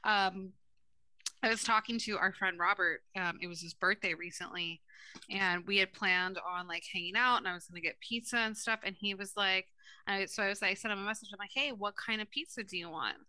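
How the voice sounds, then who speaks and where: Bright-voiced, brash woman podcast co-host. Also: mid-range voice, brisk, dry recording. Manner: brash, profane storyteller, animated retellings. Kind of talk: casual chat.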